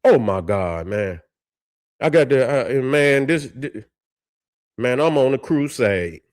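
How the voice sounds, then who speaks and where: Medium in pitch and moderate in pace, a man runs a commentary vlog. He swears a lot while ranting angrily, fumbles his words, and pauses his outbursts to read case histories aloud.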